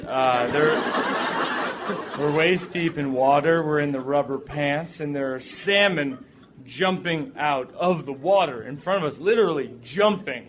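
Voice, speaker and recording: Animated high-voiced man telling a comic story. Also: noisy background. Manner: animated, jumps into high-pitched voices for quoted people. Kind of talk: comic personal story performed for an audience.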